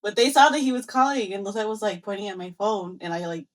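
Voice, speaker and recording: A young woman co-hosting a podcast tells a story in a loose, casual way. She acts out both sides of old conversations with lots of back-and-forth energy. Her voice sits in a middle pitch. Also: fast. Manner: animated storyteller, acts out quoted exchanges, mixes in Spanish phrases. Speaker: podcast co-host.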